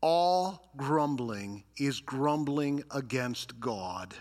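A man's voice: medium pitch, expressive, drawn-out words, a little mellow. A male pastor preaching a sermon, acting out complaining voices and reading scripture with dramatic emphasis. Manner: dramatic, voices grumblers and reads scripture with rising intensity.

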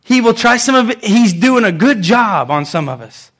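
A man's voice: high-pitched, big pitch swings, normal speed, a bit bright. A male pastor delivering a sermon in an emphatic, conversational way, repeating words for effect.

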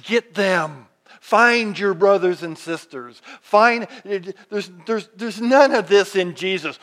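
Man, fairly high voice, pastor giving an animated sermon with many restarts. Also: slow pace. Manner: animated preaching, acts out quoted speech, frequent restarts.

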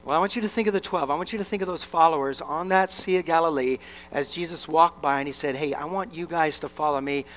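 A young male pastor preaching with a high voice. He is animated and slips into the voices of his listeners and of Jesus as he goes. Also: quick pace, few pauses. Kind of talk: sermon.

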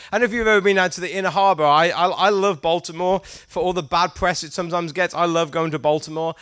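A man's voice: high voice, a bit bright, no room sound, clean studio sound. A middle-aged man with a British accent preaching to a youth gathering, playfully teasing the audience and prompting them to call out answers. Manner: interactive, prompting the crowd to answer. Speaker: youth pastor.

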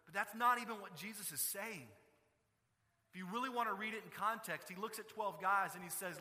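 A man preaching a sermon as pastor, impassioned, swinging from emphatic high peaks down to quiet, intimate stretches. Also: a little fast. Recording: reverberant hall.

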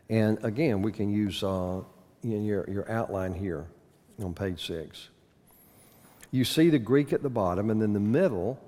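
A man's voice: fairly low pitch, a little mellow. A man teaching a Bible lesson in a conversational way, asking his listeners questions and slipping in corny puns. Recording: long reverb of a hall.

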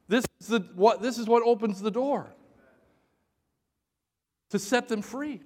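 A male pastor preaching a sermon, who jokes with the congregation and shouts for emphasis. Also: extremely high pitch, measured pace, long pauses, long reverb tail.

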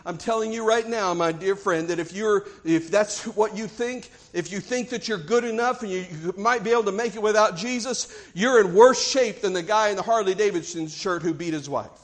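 A man's voice: high voice, moderate pace, few pauses. A man with a Southern US accent preaching a sermon, telling a story in a folksy, emphatic way and repeating phrases for effect.

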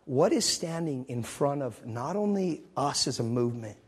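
A man delivers a sermon to a congregation in a slightly husky voice. He tells a story, then swings from loud, driving lines to hushed, intimate ones, and laughs along with the room. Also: medium pitch, animated, normal speed. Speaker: preacher.

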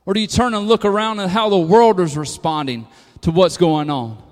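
A man preaching a sermon to a congregation, moving from hushed lines to loud, emphatic calls. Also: high-pitched, moderate pace. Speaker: pastor. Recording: long hall reverb.

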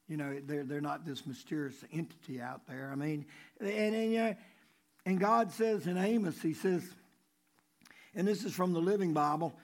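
High-voiced preacher, conversational. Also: male voice. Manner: conversational preaching, repeats phrases, drops low then rises for emphasis. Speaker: pastor. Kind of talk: sermon.

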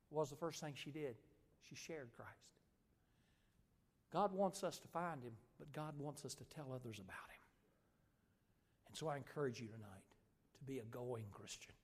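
A male preacher telling a story and praying in a sermon, a lively storyteller who swings from loud to soft. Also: mid-range voice. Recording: long church-hall reverb.

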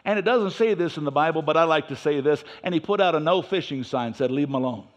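High-voiced man preaching animatedly. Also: fast talker. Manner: animated preaching, swinging between loud emphasis and quiet asides. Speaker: pastor. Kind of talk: sermon. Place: church.

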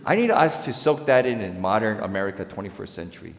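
A male pastor preaching a sermon, swinging between loud, rising emphasis and quiet, low asides. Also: lively intonation, quick pace, hardly any pauses. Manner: dynamic preaching with sharp swings in pitch and volume. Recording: echoey hall with long reverb.

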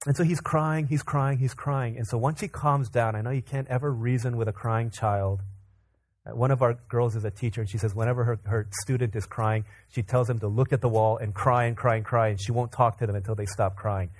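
A man preaching a sermon, telling a family story in an animated way, acting out quotes and laughing often. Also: mid-range voice, brisk. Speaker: pastor. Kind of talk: sermon with personal stories.

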